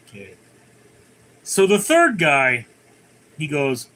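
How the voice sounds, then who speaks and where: A livestream host chats casually from his computer at home, rambling through jokes and reading viewer comments aloud. His voice is a little high, pushed and bright, very animated yet slow, with frequent pauses.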